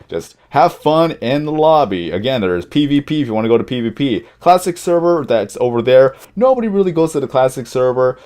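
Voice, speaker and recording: A man talks his way through a let's-play in an easy, chatty manner, speaking straight to his viewers. His phrasing rambles and he sometimes stumbles and restarts on a word. His voice sits at an ordinary middle pitch. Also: darkish tone. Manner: rambling, stumbles over words; chatty, addresses viewers directly. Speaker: gaming channel host. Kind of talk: casual let's-play commentary.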